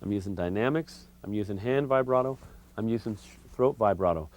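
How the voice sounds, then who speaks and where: A man giving a relaxed, conversational harmonica lesson, explaining technique step by step with frequent fillers. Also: lowish voice, a little fast. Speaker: harmonica teacher. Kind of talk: instructional video lesson.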